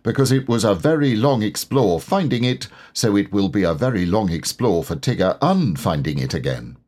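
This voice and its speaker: A man voicing a fussy, bossy male rabbit in a children's storybook reading, with a husky voice. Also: lowish voice, lively intonation, normal speed, darkish tone. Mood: scheming.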